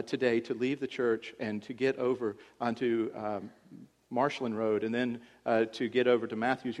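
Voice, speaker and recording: A male pastor preaching a sermon in a church, swinging from hushed lines to loud cries. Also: medium pitch, in a large hall.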